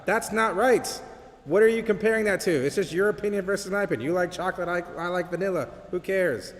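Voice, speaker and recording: A man's voice: high voice, quick pace, pitched above the performer's own voice, lightly acted. A man voicing an indignant college student. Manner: indignant protest. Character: upset male college student demanding fairness. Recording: long hall reverb.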